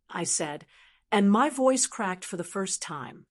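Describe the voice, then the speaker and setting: A middle-aged woman narrating a dramatic story in the first person, stern and forceful. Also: medium pitch, big pitch swings, measured pace.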